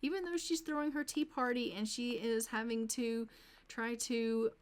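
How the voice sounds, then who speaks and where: A woman with a fairly high voice narrates a life-sim game in casual let's-play style, chatting along and talking to her characters as she plays. Her intonation is fairly even, her pace moderate, and there is noise in the background.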